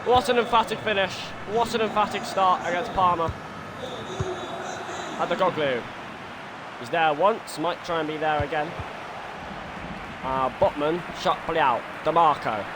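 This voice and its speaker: Man, streamer, fairly high voice, play-by-play game commentary, loud background noise. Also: unhurried, pauses often. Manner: swings from quiet musing to shouted goal calls. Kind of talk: mock football commentary over a video game. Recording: noisy background ambience.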